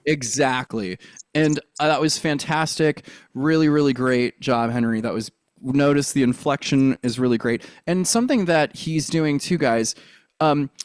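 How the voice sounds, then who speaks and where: A man's voice: mid-range voice, unhurried, no room sound, studio quality. A man coaching a theater class on accents, upbeat and encouraging as he demonstrates lines. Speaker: drama coach.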